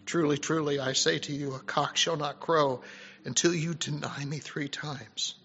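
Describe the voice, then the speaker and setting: A man preaching a sermon, swinging between loud, emphatic passages and soft, hushed ones, with halting restarts and fillers. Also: fairly high pitch, fairly even intonation. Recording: dull lo-fi recording.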